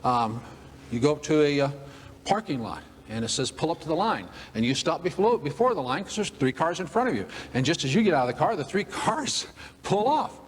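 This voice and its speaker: A man's voice: on the high side, very animated, brisk, husky. Folksy joking man in an echoey hall. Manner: folksy, joking, acts out characters. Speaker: motivational speaker. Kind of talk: humorous storytelling talk. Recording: long hall reverb, faint ambience.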